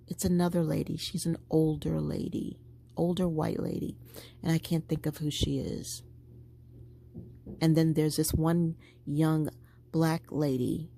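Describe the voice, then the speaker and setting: A woman's voice: low-pitched, vocal fry. A woman vlogger chatting casually to her viewers as she packs a handbag. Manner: chatty, animated, talking to viewers while packing a bag. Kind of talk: casual chat.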